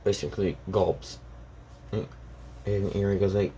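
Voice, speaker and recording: A man's voice: fairly low pitch, normal speed, long pauses, dark tone, a little hiss or hum. A young man casually retelling a fan story, rambling with restarts and "she goes like".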